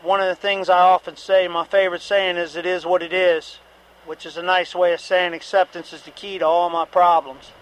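A man's voice: high voice, level tone, normal speed, rough recording. A middle-aged man giving a candid, repetitive personal testimony at a recovery meeting, with occasional profanity.

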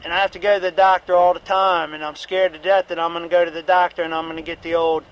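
A man's voice: a little high, flat delivery, fast, smooth, dull audio. A middle-aged man giving a candid, repetitive personal testimony at a recovery meeting, with occasional profanity.

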